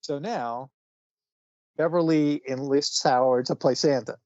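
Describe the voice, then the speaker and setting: Reviewing comics as a podcast co-host, a middle-aged man talks casually and unhurriedly, rambling along with self-corrections, restarts, and chuckles. His mid-range voice is a little mellow. The recording is dry and dull-sounding lo-fi, with no room sound.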